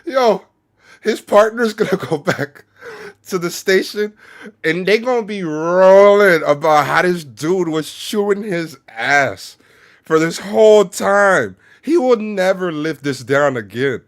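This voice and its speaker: Brief: reaction streamer, man, lively swooping pitch, unhurried, laughing and exclaiming. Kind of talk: live reaction commentary.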